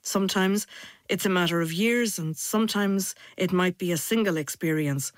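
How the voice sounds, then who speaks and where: Woman host, measured and low. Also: no room sound, clean studio sound. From Ireland. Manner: measured, thoughtful. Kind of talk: interviewing and scripted narration.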